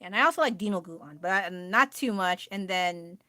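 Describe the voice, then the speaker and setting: A woman's voice: on the low side, lively intonation, moderate pace, pushed and bright, no room sound. A woman with an American accent chatting casually on a livestream, rambling and laughing often as she answers her chat. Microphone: phone.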